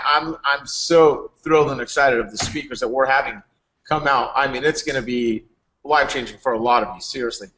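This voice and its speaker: A man, a company founder, giving a rambling, energetic motivational talk to members on a live stream. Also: on the high side.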